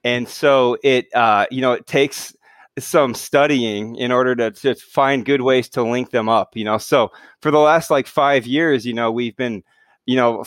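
A man's voice: medium pitch, no room sound. A middle-aged man talking casually as an interview guest, hesitant, with many fillers and restarts. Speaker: guest, mountain speed record holder.

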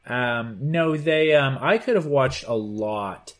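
A man's voice: medium pitch, takes it slowly, fairly bright tone. A man co-hosting a podcast, chatting casually and tossing out dry, joking asides. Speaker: podcast co-host. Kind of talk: casual chat.

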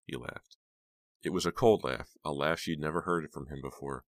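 A man narrating a horror audiobook in a measured, steady reading. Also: a bass voice, no room sound.

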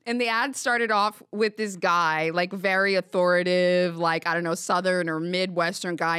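A woman's voice: mid-range voice, a little fast, few pauses, sharp tone, smooth, dry recording, studio quality. A young woman hosting a podcast, telling a story in casual chat, laughing and swearing as she goes. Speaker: podcast host.

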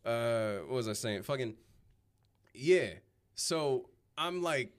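A man's voice: mid-range voice, lively intonation, unhurried, smooth. A man on a podcast casually telling a profane story, laughing and acting out the people in it. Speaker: podcast co-host.

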